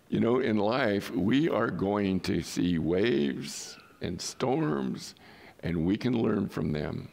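A male pastor preaching with an emphatic, questioning delivery and well-placed pauses. His low voice has a gravelly fry and swings widely in pitch. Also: lively intonation, darkish tone. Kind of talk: sermon.

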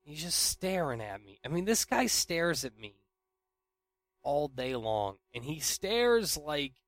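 A man's voice: a little high, sing-song, no room sound. Rambling young man telling a work story. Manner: rambling, restarts, quick swings between loud and quiet. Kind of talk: casual rambling monologue.

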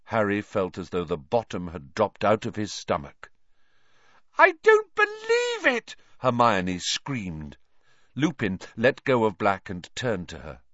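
A man narrating an audiobook with an expressive, dramatic reading. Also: lowish voice, no room sound, highs cut off. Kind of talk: scripted narration.

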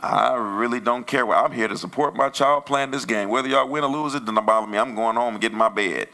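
A male pastor telling a story in a conversational sermon that grows loud and animated. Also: mid-range voice, fairly quick, gravelly. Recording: church sermon audio.

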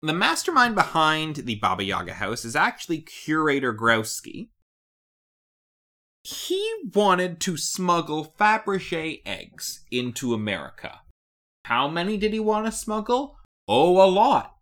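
A man co-hosting a podcast in a loose, casual chat. His pitch swoops around a lot as he rambles through his explanations. He laughs often and keeps the energy up. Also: bright, forceful tone. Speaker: podcast co-host.

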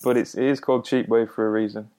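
A relaxed man co-hosts a music show in laid-back chat. He trades jokes with a dry edge. His voice sits at a mid pitch for a man. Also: fast. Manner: easygoing, joking banter with a dry edge. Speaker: co-host of a music podcast. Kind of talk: casual chat.

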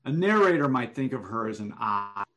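A man giving one-on-one manuscript feedback over an online call, explaining deliberately and thinking aloud. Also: mid-range voice, big pitch swings, fairly bright tone. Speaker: writing coach.

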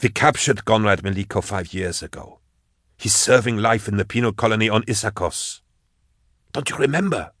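A man's voice: lowish voice, moderate pace, fairly bright tone, dry recording. Male narrator voicing a weary, exasperated inquisitor, pleading, dry recording. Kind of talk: audiobook character voice.

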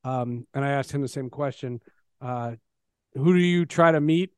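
A man's voice: mid-range voice, normal speed, darkish tone, smooth, no echo. A man hosting a podcast who asks questions in a chatty, hesitant way with many fillers. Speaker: podcast host. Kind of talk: casual interview.

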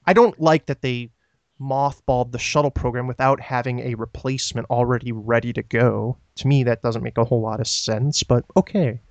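A man co-hosts a casual podcast, telling stories and answering listener questions in a rambling, filler-heavy way. His mid-range voice has fairly even intonation and normal speed, with no room sound.

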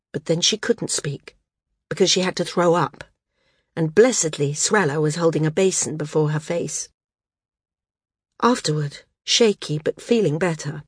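A woman narrating an audiobook in a calm, even storytelling manner. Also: sits low, husky, dry recording, clean studio sound. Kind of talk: scripted narration.

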